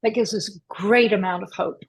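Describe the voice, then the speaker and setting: A woman's voice: mid-range voice, steady tone, brisk, breathy edge. A middle-aged woman, a therapist, speaking reflectively in an interview and often checking in with a rising "right?". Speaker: therapist guest. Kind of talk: conversational interview.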